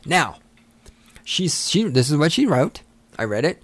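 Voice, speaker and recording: A man's voice: a little high, big pitch swings, a little slow, pauses often, no room sound. A man hosting a solo podcast, ranting angrily and sarcastically with constant swearing. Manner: angry, profane, sarcastic ranting. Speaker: podcast host.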